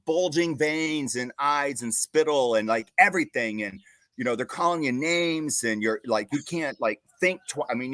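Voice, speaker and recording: Laughing, animated male talk show host. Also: medium pitch, dry recording. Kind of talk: casual storytelling chat.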